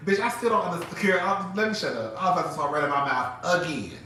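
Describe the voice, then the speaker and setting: A man's voice: a little high, quick pace. A man hosting a live stream from his phone, chatting casually and dramatically, laughing often. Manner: animated, dramatic, laughs often, calls listeners girl. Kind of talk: casual gossip chat. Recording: very echoey room, mic far off, faint noise.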